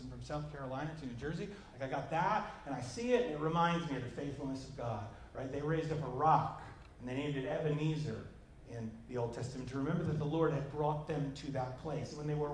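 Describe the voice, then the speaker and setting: A man preaching a conversational sermon, emphatic, swinging between loud and hushed passages. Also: a little high, a little fast. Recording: roomy echo with faint background noise.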